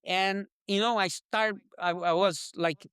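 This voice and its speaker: A man from Brazil with a Brazilian Portuguese accent, a native Portuguese speaker, telling his life story as an interview guest in quick, broken English. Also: sits high, clean tone, dry recording, studio quality. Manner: fast, animated, broken English with restarts. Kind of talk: personal storytelling.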